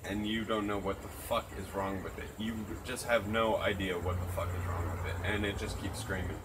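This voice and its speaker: A man's voice: on the low side, steady tone, brisk, background noise. A man in casual chat, talking earnestly and reflectively and swearing freely, outdoors at night. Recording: crickets chirping loudly behind.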